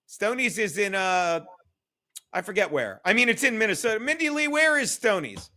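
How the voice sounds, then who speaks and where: A man hosting a casual livestream show. His voice sits high and sharp-edged. He talks in a loose, profane way and reads viewer comments aloud. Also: sing-song, moderate pace. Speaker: livestream podcast host.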